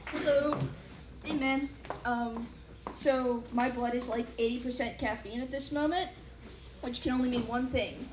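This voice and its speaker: A woman's voice: fairly high pitch, steady tone, a little slow. Wry young woman doing stand-up. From United States. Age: young adult. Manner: wry, self-deprecating, chatty with many fillers. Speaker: student stand-up comic. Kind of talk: stand-up comedy set. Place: large hall with a live audience. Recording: echoey hall, noisy live mic.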